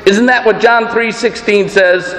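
A man's voice: high-pitched, steady tone, unhurried, a bit bright, roomy sound, long reverb tail, low-quality recording. A man preaching a sermon as pastor, earnest and emphatic, posing rhetorical questions.

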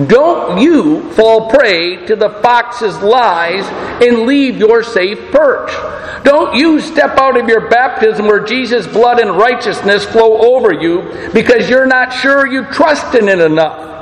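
A man preaching a sermon as pastor, emphatic and deliberate, with rhetorical questions. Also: high-pitched, slight background noise. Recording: echoey room with long reverb.

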